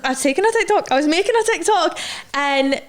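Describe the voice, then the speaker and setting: A young woman with a Scottish accent, co-hosting a podcast in casual, sweary, animated chat. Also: very high-pitched, a little fast. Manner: chatty, sweary, animated storytelling. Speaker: podcast co-host.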